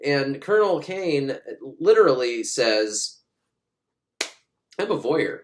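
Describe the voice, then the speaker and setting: A man's voice: mid-range voice, big pitch swings, a little hiss or hum. A man sarcastically recapping a film in casual talk, swearing and jumping into voices of the characters. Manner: sarcastic, swearing, acts out lines in quick put-on voices. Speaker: movie recapper.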